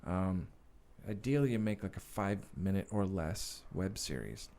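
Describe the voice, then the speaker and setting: A man, an actor and filmmaker, talking as a podcast guest and telling his stories in a casual, animated way. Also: sits low, normal speed. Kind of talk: casual interview storytelling. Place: podcast studio.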